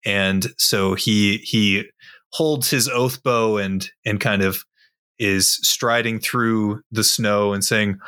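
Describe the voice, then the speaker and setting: A man describing his character in a tabletop game, thoughtful and unhurried. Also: on the low side, fairly even intonation, bright, forceful tone, clear, resonant tone. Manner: slow, thoughtful with fillers. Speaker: player.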